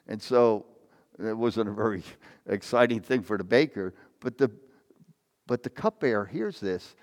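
A man's voice: lowish voice, measured pace. A man preaching a sermon, retelling a Bible story in an informal way, often correcting himself as he goes and reading out verses. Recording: long hall reverb.

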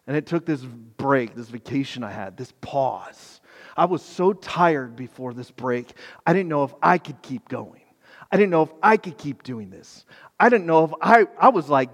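A man delivering a sermon with a slightly high voice, swinging between raised, pleading bursts and soft, hushed stretches. His voice carries a long reverb, as if he is in a large hall. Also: lively intonation, a little slow. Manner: impassioned, builds to loud pleading then drops to near-whisper. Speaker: pastor.

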